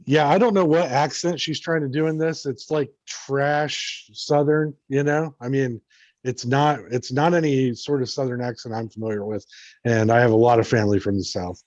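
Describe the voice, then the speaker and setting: A man's voice: mid-range voice, steady tone, moderate pace, a little mellow, dry recording, highs cut off. A man who is a podcast guest, chatting in an easygoing way and laughing a lot. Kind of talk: casual podcast chat.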